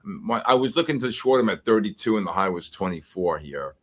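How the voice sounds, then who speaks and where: A man from the Bronx, hosting a live futures trading stream and reacting excitably to the market while greeting viewers. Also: lowish voice, brisk, a little hiss or hum. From the Bronx, New York. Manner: excitable, greets chat names in bursts. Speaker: host and futures trader.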